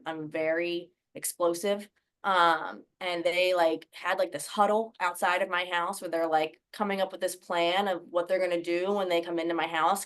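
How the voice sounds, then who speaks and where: A woman's voice: on the low side, a bit bright, clean tone. A woman guest on a podcast telling her own story candidly, in a casual way full of "um", "like" and "right?".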